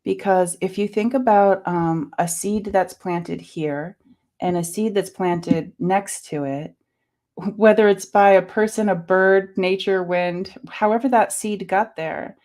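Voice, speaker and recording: A woman in a casual co-hosted talk musing about spiritual growth, hesitant and full of fillers, clearing her throat now and then. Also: medium pitch, steady tone, takes it slowly. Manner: soft-spoken, musing, many fillers. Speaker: co-host.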